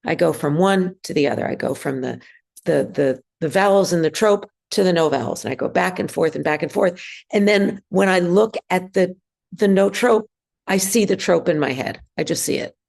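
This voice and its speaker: A woman teaching a synagogue class, speaking hesitantly with many ums and pauses. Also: lowish voice, gravelly, darkish tone. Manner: hesitant, many ums, sings trope examples. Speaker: bar mitzvah trope teacher. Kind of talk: classroom lesson.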